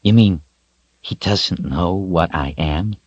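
Man doing gruff protective wolf, very deep, low growl, slow. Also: a little mellow, no echo, lo-fi sound, full character voice. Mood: grumbling. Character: large male wolf, gruff, loyal, protective.

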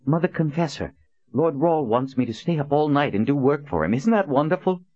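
A man putting on a giddy young woman in an audiobook, lifted in pitch and bubbling with excitement. The recording is dry and somewhat dull. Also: a little fast, no echo.

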